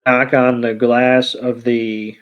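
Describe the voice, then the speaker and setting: Slow-talking man recapping a movie. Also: medium pitch, little pitch movement. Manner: unhurried, halting narration with fillers. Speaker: podcast co-host. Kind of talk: casual movie recap chat. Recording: dull lo-fi podcast audio.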